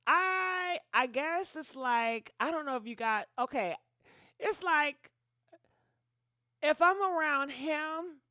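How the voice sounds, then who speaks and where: A woman's voice: high voice, a bit bright, no echo, studio quality. A young woman hosting a gossip livestream, chatting casually and dramatically with viewers and thanking donors. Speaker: gossip channel host.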